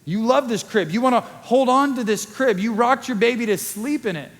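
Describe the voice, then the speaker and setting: A male pastor preaching a sermon in a conversational way, acting out quick quoted asides. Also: very high-pitched. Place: church sanctuary. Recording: long church hall reverb.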